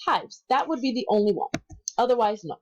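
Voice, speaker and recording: A woman as an instructor in a recorded lesson, patiently repeating words slowly for learners and correcting herself aloud. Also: fairly high pitch, lively intonation, a little hiss or hum, low-quality recording. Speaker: Spanish instructor.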